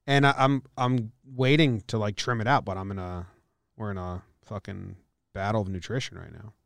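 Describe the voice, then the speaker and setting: A man talks into a close studio mic on his podcast, rambling and relaxed and laughing often. His voice is smooth and clear, and the sound is dry with no room around it. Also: lowish voice, moderate pace, no room sound. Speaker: podcast host. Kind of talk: casual chat.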